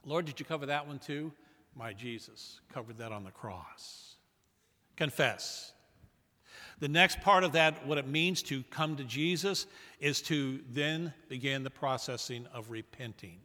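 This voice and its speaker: A man preaching a sermon as a pastor, with emphatic delivery that swings from loud to hushed. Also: medium pitch, moderate pace, big-room sound.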